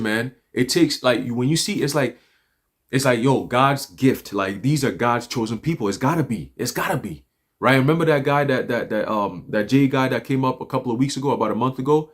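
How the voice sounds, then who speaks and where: Man, mid-pitched, loose profane preaching style, rambling and animated. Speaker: livestream speaker. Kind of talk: loose religious street talk. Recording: livestream audio.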